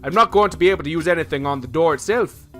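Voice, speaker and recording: A man's voice: on the high side, very fast, a bit bright, faint music behind. A man chatting playfully and thinking aloud while streaming a game. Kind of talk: casual let's-play commentary.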